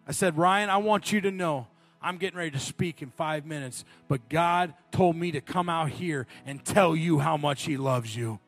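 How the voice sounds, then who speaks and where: Guy preaching a sermon, kinda high voice, storytelling then pleading hard, faint music under it. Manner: storytelling, building to passionate appeals.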